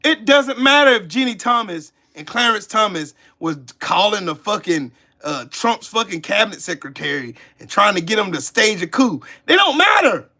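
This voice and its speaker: Heated, profane man with a high voice. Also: big pitch swings, moderate pace, bright, forceful tone. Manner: heated, profane, scolding the chat. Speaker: channel host. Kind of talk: livestream commentary rant.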